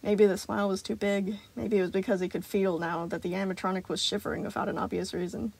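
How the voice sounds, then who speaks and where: A woman narrating a piece of fan fiction aloud. Her voice sits at an ordinary middle pitch. She reads at an even pace with expressive phrasing. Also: fast, creaky, slightly rough. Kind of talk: storytelling narration.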